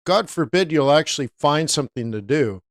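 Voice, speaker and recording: A man's voice: a little high, expressive, fairly quick, no room sound, studio quality. A man teaching forex trading on a live stream, talking casually and answering viewers by name.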